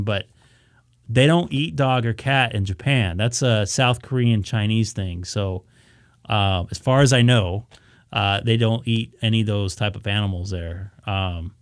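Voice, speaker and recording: A man's voice: medium pitch, no echo, clean studio sound. A man on a ham radio live stream, casually telling a story and acting out his own reactions. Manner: animated, acts out his own reactions, many restarts.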